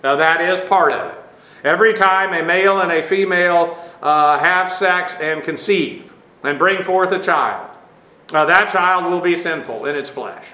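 A man teaching a Bible lesson, halting often with fillers and dry asides. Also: on the high side, pushed and bright, reverberant.

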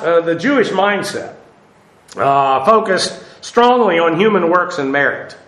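Male Bible teacher, high voice, echoey room, unhurried with frequent fillers. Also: fairly bright tone. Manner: unhurried, with many "uh" fillers and rhetorical questions. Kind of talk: Bible study lecture. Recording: roomy echo.

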